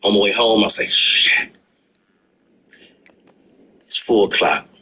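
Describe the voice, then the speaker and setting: A middle-aged man telling stories in a casual podcast chat, animated and profane, acting out his own past words. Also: on the low side, slow pace, a little hiss or hum. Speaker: guest storyteller.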